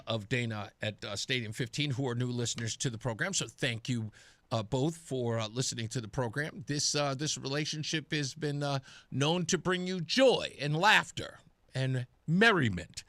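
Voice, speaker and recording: A man's voice: mid-range voice, pushed and bright. A middle-aged man hosting a radio talk show, chatting and telling stories casually and laughing at himself. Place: radio studio.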